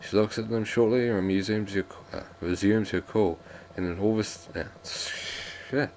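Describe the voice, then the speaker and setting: A man's voice: fairly low pitch, steady tone, moderate pace, a little mellow, a little hiss or hum. A man doing casual, rambling gameplay commentary and reading the game's lines aloud. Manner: rambling, jokey, restarts often. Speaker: let's play commentator.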